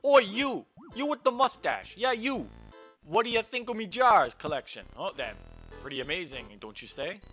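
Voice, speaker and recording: A man's voice: high-pitched, very animated, normal speed, a bit bright, husky, faint music behind, pitched above the performer's own voice, full character voice. A man voicing a cocky, taunting male ghost who collects jars, in a put-on mock Irish brogue. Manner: swaggering, teasing, theatrical.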